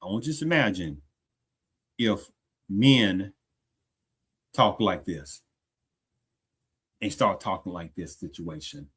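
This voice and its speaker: A man's voice: sits low, expressive, slow, long pauses, a bit bright, husky. A man hosting a rambling reaction commentary, often restarting sentences and asking "do you understand?". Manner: repeats rhetorical questions, restarts sentences often. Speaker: commentary channel host.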